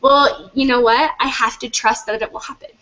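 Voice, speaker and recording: A woman's voice: a little high, fairly even intonation, moderate pace, pushed and bright, dull audio, a little hiss or hum. A woman leading a motivational group coaching session, asking her team many questions over a video call.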